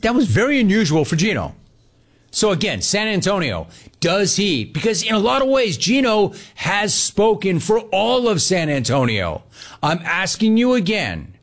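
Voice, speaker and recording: A man hosting a sports talk radio show, emphatic and riffing on callers. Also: sits high.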